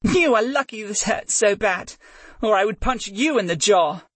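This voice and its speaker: A man voicing a stubborn, hot-tempered young woman who is a warrior student, pitched up high and speaking through gritted teeth. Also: animated, moderate pace, a bit bright, husky, no echo, heavily acted. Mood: pained.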